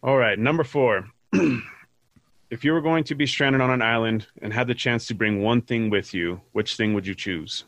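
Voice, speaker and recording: A man's voice: medium pitch, moderate pace, a bit bright, no echo. A man co-hosting a podcast, reading out questions in an easygoing way. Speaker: podcast co-host. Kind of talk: casual chat.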